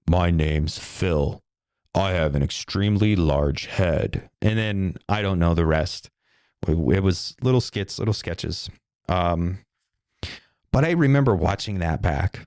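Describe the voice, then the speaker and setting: A man's voice: sits low, a little mellow, no echo, clean studio sound. A middle-aged man hosting a podcast alone, talking in a casual, rambling, profane way. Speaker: podcast host. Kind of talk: rambling solo monologue.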